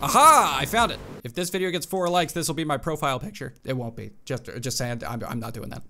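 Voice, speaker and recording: A man's voice: on the high side, animated, quick pace, sharp tone, slight background noise. A man hosting a gaming channel, giving casual, jokey gameplay commentary and often saying "dude". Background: game music.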